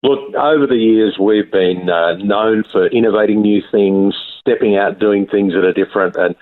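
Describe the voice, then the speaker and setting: A man calling in to a radio show as the station's chief executive, talking with dry, deadpan humor. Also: fairly low pitch, moderate pace. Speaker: CEO calling in. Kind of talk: phone-in radio chat. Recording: tinny phone line.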